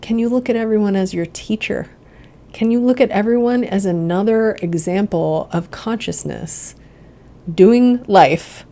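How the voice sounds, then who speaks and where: A woman's voice: medium pitch, a little slow, dark tone. A woman hosting a podcast, musing earnestly in a reflective solo monologue full of rhetorical questions. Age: adult, past childhood and drinking years. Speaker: podcast host, integration coach.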